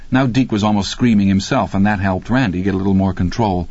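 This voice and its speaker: A man narrating a horror audiobook in a steady, measured way. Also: fairly low pitch, no echo. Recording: dull lo-fi dry recording.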